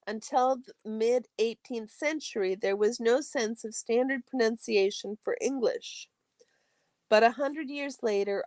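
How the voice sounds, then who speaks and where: A woman hosting a study stream, reading a textbook aloud in a steady, careful way and now and then correcting a slipped word. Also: fairly high pitch, no room sound.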